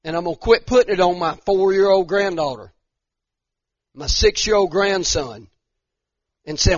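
A man's voice: high voice, moderate pace, no echo. A middle-aged man, a pastor, preaching in an impassioned conversational way, repeating himself and building to emphatic rises. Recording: dull lo-fi dry sound.

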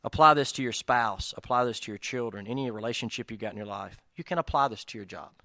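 A man's voice: medium pitch, fast talker, vocal fry, pushed and bright, no echo, clean studio sound. A man preaching in a casual, conversational style, self-deprecating and speaking straight to the listeners. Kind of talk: conversational sermon.

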